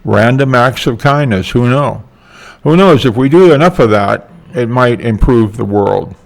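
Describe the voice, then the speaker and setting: A man's voice: medium pitch, expressive, a little slow, vocal fry. An older man talking in a casual vlog monologue, meandering and hesitant with many fillers. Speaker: vlogger.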